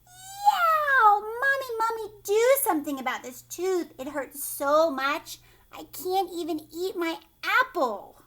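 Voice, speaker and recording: A woman voicing a young boy with a sore loose tooth, yelling loudly in pain. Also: high voice, sing-song, fairly quick, few pauses. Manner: loud pained yelling.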